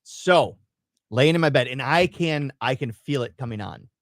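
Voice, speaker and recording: A man co-hosting a casual live radio chat, telling a personal story in an animated way and acting out the parts. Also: medium pitch, normal speed, dry recording, studio quality. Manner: animated storytelling, acts out his own screams and quotes. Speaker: radio show co-host.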